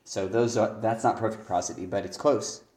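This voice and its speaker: A man reading submitted lyrics aloud and commenting on how their stresses fit, pausing often to think. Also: lowish voice, steady tone, a little mellow, roomy sound. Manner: reads lines aloud then comments on stress, thinking aloud with fillers. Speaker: songwriting teacher.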